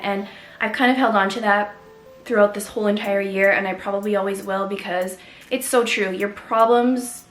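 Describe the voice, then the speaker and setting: Earnest young woman telling a personal story. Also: medium pitch. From Canada. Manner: earnest and emotional, candid with soft pauses. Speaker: vlogger. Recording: echoey room with faint music.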